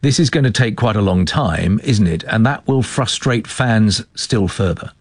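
Give me a male radio presenter with a low, husky voice, calm and measured in a dry studio. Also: dry recording. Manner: measured, introducing guests. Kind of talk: live radio interview.

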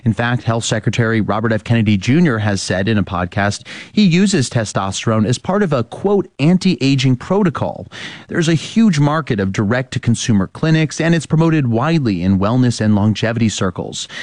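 A male radio news reporter reading a scripted report in a measured, even delivery. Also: medium pitch, dry recording.

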